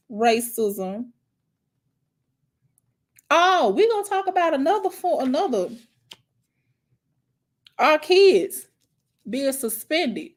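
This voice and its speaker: A woman hosting a casual talk stream, telling stories in a lively, preachy way, calling listeners child and honey and mocking others in put-on voices. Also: on the high side. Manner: animated, preachy storytelling with mocking impressions. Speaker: host.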